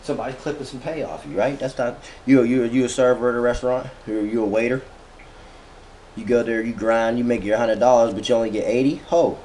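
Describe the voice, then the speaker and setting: A man giving a casual, profane motivational rant as a vlogger, talking slangy and sometimes drawing words out slowly. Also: medium pitch, dark tone, slight background noise.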